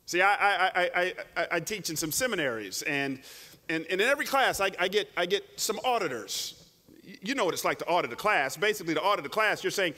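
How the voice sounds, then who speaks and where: A man preaching a sermon, telling a story with animated delivery and frequent restarts. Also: high-pitched, a little fast. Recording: long hall reverb.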